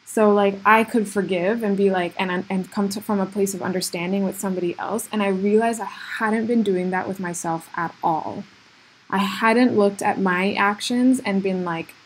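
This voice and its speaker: Alone on her podcast, a woman reflects earnestly on herself, peppering her monologue with "like" and "you know." Her voice is mid-range and husky, with a steady tone and moderate pace.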